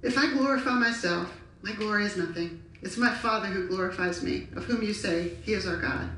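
A woman voicing a calm, patient man who speaks with authority, quoting in a slow, measured way. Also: mid-range voice, a little hiss or hum, close to an everyday voice. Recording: echoey hall from far off.

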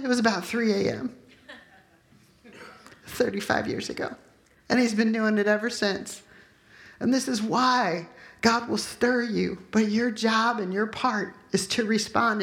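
A woman in her fifties giving a sermon with personal testimony to a room of listeners, emotional and loudly acting out her own prayers. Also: on the high side, reverberant. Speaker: speaker at a Christian gathering.

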